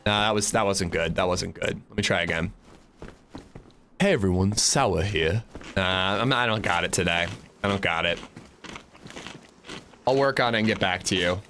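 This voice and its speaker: A man's voice: deep voice, moderate pace, long pauses, pushed and bright, a little hiss or hum. A man streaming a survival game, chatting casually and answering his chat as he plays. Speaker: gaming livestreamer. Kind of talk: casual gameplay commentary.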